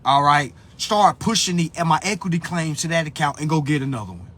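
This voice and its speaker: A man hosting a live phone stream in a profane rant, dropping to low muttering and then bursting into loud, high-pitched shouts. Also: animated, fairly quick, a little hiss or hum. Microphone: phone on a social live stream.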